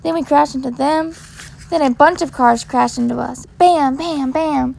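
A woman voicing an excited, chatty little boy in a storybook reading, with a gravelly voice. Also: very high-pitched, quick pace, pitched above the performer's own voice, exaggerated voice.

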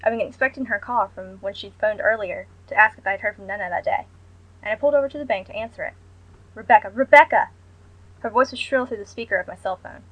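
A woman's voice: medium pitch, fast, fairly bright tone, dry recording, muffled recording. Subdued woman reading a first-person story. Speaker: narrator.

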